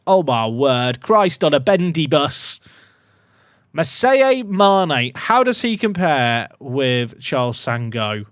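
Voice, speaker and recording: Excitable man with a lively voice. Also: on the high side, dry recording, studio quality. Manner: excitable, swings from muttering to shouting. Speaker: gaming YouTuber. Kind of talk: casual gameplay commentary to live chat.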